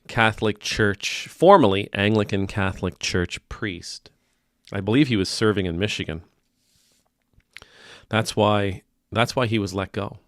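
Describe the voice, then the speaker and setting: A man's voice: lowish voice, fairly bright tone, dry recording, studio quality. A man, a priest, giving casual spoken commentary in a wry, teasing, conversational way.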